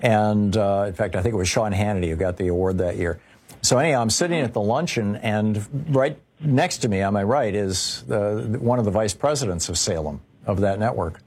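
Talk radio host, male, husky and a bit low, loose rambling delivery. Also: fairly quick, darkish tone. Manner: rambling storytelling with many fillers.

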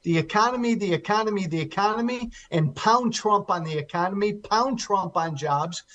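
A man's voice: sits high, normal speed, a bit bright, dull audio. A man speaking as a guest on a talk radio interview, emphatic and repeating key words to drive his point home. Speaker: guest commentator.

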